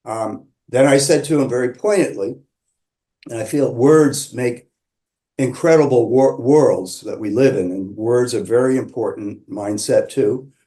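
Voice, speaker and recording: A man calmly telling a personal story, measured and reflective, with pauses and restarts. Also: medium pitch. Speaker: qigong practitioner sharing his story.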